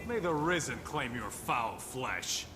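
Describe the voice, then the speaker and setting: A slow, snarling pirate insulter. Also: male voice, mid-range voice, expressive, bright, forceful tone, a little hiss or hum. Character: insulting male pirate, hostile and theatrical.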